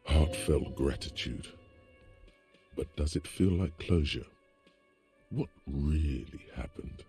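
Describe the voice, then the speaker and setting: A man's voice: very deep voice, slow pace, dark tone, faint music behind, exaggerated voice. An actor playing a grave male inner voice narrating a detective's mind in a game, with dry, probing remarks. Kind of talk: game voice acting.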